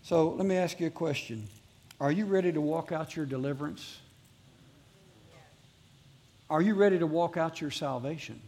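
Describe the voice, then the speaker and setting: A man's voice: fairly high pitch, fairly quick, a little mellow. A man preaching a sermon as pastor to a live congregation, earnestly repeating his exhortations.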